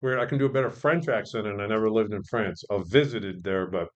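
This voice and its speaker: A middle-aged man with a low-pitched voice talks through his stories in a loose, rambling way. He jokes at his own expense and often restarts his sentences. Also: quick pace. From born in England, raised partly in Israel, then the US. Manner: self-deprecating, joking, rambling with restarts. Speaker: guest, sports media veteran and professor. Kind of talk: casual podcast interview.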